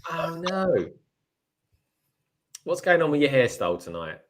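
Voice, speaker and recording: A man's voice: fairly high pitch, big pitch swings, a little slow. A man, a guest on a live stream, bantering and joking in casual chat. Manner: jokey, bantering. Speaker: guest builder.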